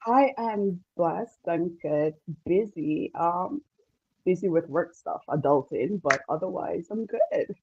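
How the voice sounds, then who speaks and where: A woman's voice: lowish voice, animated, slow, slightly rough. Easygoing woman on a call. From British Virgin Islands. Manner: easygoing, laughing, modest. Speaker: guest cosplayer. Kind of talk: casual video call interview. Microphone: video call. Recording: dull lo-fi call audio.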